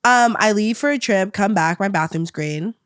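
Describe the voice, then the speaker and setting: A woman guest in a podcast studio, telling a story in casual chat, animated and acting out quoted lines with frequent "like.". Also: mid-range voice, moderate pace, smooth, dry recording.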